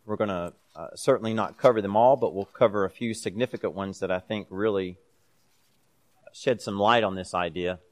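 A low-voiced man teaches a Bible class in a relaxed, conversational way. He reads scripture passages aloud with added emphasis and fills his explanations with casual pauses.

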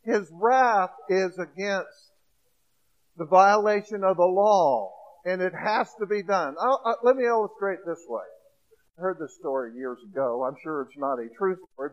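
A man preaching a sermon, swinging between hushed storytelling and loud, emphatic points. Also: high voice, lo-fi sound.

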